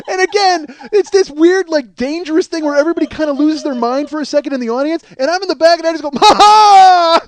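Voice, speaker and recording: High-voiced man telling a profane comic story. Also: fast, hardly any pauses, no echo. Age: 40s. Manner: profane, animated, swears freely and breaks into laughter. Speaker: podcast host.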